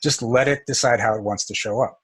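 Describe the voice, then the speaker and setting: A man's voice: mid-range voice, a little fast, slightly rough. A man teaching an energy work session in a casual, storytelling way, chuckling often.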